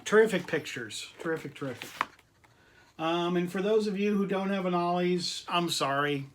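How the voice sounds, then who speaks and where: A man's voice: on the high side, slight background noise. A man hosting his own collector video channel, chatting casually and enthusiastically to camera, repeating himself and laughing often.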